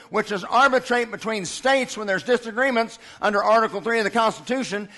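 A man preaching with fiery indignation, stacking up repeated refrains. His voice sits high and rings bright and forceful. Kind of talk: sermon.

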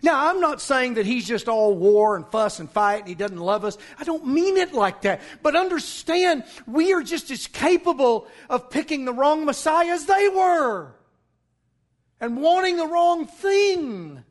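High-voiced pastor preaching hard. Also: male voice, animated, normal speed, hardly any pauses. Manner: emphatic, scornful, bursts into shouts. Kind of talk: sermon.

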